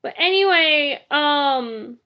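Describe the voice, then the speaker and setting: A woman's voice: high voice, lively intonation, slow, pushed and bright. A young woman streaming live, chatting casually and rambling, often laughing. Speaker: livestreamer. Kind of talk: casual livestream chat.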